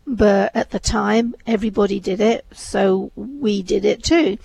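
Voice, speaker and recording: A woman's voice: medium pitch, a little slow, gravelly, mellow, poor audio. A woman, chatting thoughtfully in a discussion, with many "you know"s. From England. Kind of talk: casual discussion.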